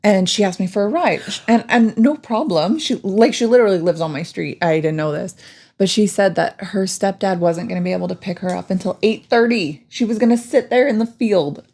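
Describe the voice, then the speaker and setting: A middle-aged woman, co-hosting a podcast and chatting casually, telling a story with lively quoted dialogue. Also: medium pitch, brisk. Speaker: podcast co-host. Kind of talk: casual chat.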